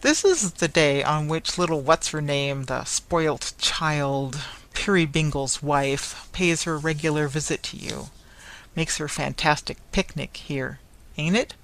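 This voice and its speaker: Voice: mid-range voice, normal speed, a bit bright, close to an everyday voice. A reader voicing a sneering, muttering toy merchant. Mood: scornful. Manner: gruff, muttering, contemptuous. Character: sneering grumpy middle-aged male toy merchant. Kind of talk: audiobook character reading.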